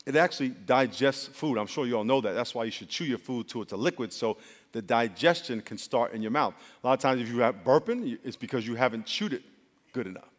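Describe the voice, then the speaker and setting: A man preaching a sermon as pastor, animated and leading call-and-response with the congregation. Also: medium pitch, brisk. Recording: long hall reverb.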